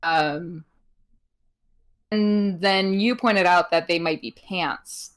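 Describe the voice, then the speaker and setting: This young female podcast co-host has a lowish voice and speaks very slowly. She chats casually through a wrestling recap, full of ums and giggles, putting on animated voices for quotes.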